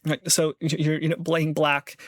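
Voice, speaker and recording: Rambling man thinking aloud, fairly high voice. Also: level tone, normal speed, fairly bright tone, no echo, clean studio sound. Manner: acts out other people's voices in quotes. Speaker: vlogger. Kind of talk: casual monologue.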